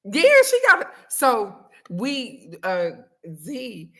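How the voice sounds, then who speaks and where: A woman hosting a casual livestream, talking loud and fast with slang, swearing and lots of laughter. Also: on the high side, big pitch swings. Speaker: spiritual card reading host. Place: on a trip abroad.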